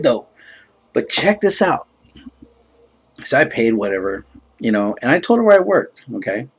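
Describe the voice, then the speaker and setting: A man's voice: lowish voice, animated, normal speed, husky. A laid-back man casually telling a rambling personal story, filled with "you know" and self-described joking.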